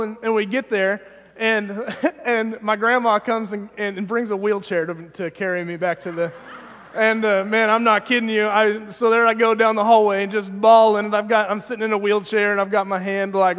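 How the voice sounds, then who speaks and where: High-voiced young man preaching in a reverberant hall. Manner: storytelling, halting restarts, animated when telling the story. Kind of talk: informal sermon with personal story. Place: church sanctuary. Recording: long church hall reverb.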